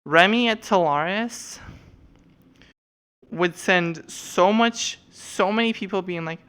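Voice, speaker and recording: A woman's voice: medium pitch, slow, fairly bright tone, clean tone. A young woman streamer chatting casually and rambling with lots of fillers and swearing while showing off avatars.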